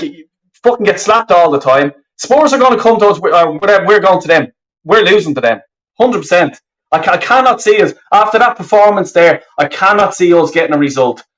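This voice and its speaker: A male fan channel host runs a live football fan stream, furious and swearing heavily as he rambles through his complaints. His voice is on the high side with a fairly bright tone, picked up on a webcam microphone with poor audio.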